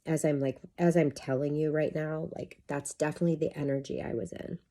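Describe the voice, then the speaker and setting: A woman's voice: low voice, steady tone, a little fast, warm tone. A middle-aged woman, a life coach, talking to camera in a candid, chatty monologue and swearing freely.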